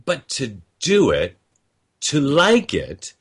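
Husky man telling reflective stories. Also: medium pitch, wildly swooping pitch, takes it slowly. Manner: conversational, storytelling with quoted callers, chuckles often. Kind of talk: personal reflective monologue.

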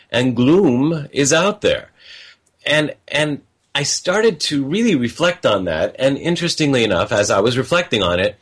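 A man's voice: mid-range voice, husky. A man speaking in a personal reflective monologue, telling stories of calls he got and quoting the callers. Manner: conversational, storytelling with quoted callers, chuckles often.

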